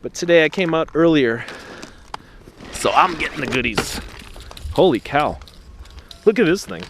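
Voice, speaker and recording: A man chatting to the camera while trash picking outdoors at night, excitable, through a small camera-mounted mic. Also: on the high side, a little slow, a little hiss or hum. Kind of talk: casual vlog narration.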